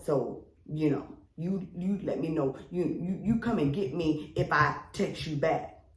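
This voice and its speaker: Podcast lady spinning a long wild story, kinda low voice, echoey room. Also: measured pace. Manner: animated storytelling, acts out quoted friends, swears freely. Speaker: podcast co-host. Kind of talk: casual chat. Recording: roomy echo.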